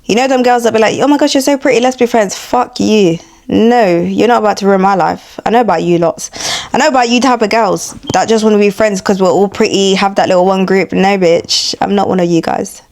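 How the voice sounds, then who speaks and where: A young woman with an East London accent rants to her followers in a casual vlog. She sounds tired and unbothered, yet she is blunt and confrontational and swears freely. Her voice sits at a middle pitch and jumps up into high, mocking impressions of other people. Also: brisk, darkish tone. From East London, England. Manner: blunt, sweary and confrontational, addressing viewers directly. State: tired and laid-back. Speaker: content creator.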